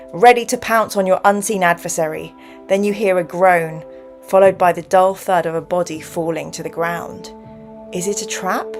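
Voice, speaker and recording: A woman hosting a livestream, reading a gamebook aloud and chatting with viewers with plenty of giggles. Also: mid-range voice. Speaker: streamer and game host.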